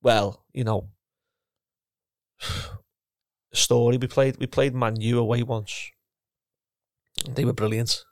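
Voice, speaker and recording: A middle-aged man reminisces about his playing days. His voice has a gravelly edge, and he keeps repeating words and restarting his sentences. The sound is dry and close, with no room around it. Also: medium pitch, fairly even intonation, slow, pauses often, no room sound. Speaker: former footballer and coach, guest. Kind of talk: casual chat.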